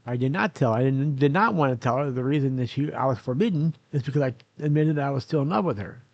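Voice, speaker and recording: Gravelly older man rambling through a story. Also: medium pitch, fast talker, no room sound, dull audio. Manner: rambling, self-correcting, many "uh"s. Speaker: vlogger. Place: room in a nursing home. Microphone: camera recording himself.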